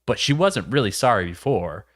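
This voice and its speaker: A man's voice: medium pitch, very animated, a little fast, no room sound, clean studio sound. A man hosting a livestream, talking bluntly and opinionated, swearing casually as he reacts to clips. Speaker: livestream host.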